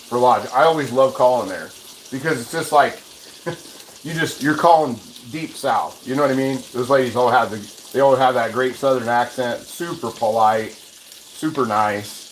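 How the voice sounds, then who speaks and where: A man with a medium-pitched voice hosts a cooking livestream from his home kitchen stove, chatting casually and rambling as he cooks and answers viewer comments, often restarting his sentences. The recording is noisy, with a frying sizzle, a sizzling pan, and running water in the background.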